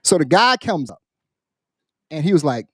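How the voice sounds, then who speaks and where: A man, a military veteran, on a podcast, casually telling a story in an animated, profane way and acting out the people in it. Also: on the high side, normal speed, no room sound, clean studio sound. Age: adult, military veteran. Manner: animated, profane, acts out quoted voices. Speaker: podcast co-host.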